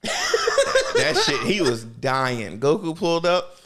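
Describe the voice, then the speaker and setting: A man with a high voice whose pitch swings wildly, riffing through a casual podcast chat. He laughs hard and acts out scenes in quick put-on voices, then drops back into relaxed banter. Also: noisy background. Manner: animated, loud laughter, acts out characters in quoted voices. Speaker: podcast co-host.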